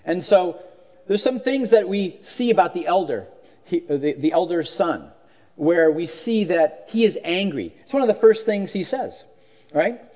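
A man's voice: sits high, lively intonation, moderate pace, a little mellow. A man preaching a sermon, reading a passage aloud and talking it through in a conversational way, with many rhetorical questions and restarts. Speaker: pastor.

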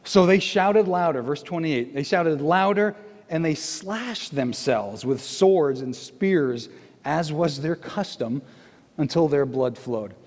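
Male pastor, sermon, animated storyteller, higher-than-average voice, big echoing sanctuary. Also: slow pace. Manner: animated, jokey storytelling with acted quotes. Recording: long reverb of a large hall.

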